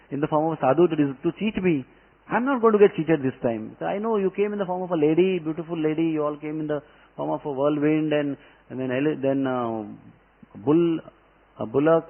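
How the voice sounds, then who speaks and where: A man voicing an angry, suspicious village mother who accuses and scolds, heard over a tinny phone-like line. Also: a little high.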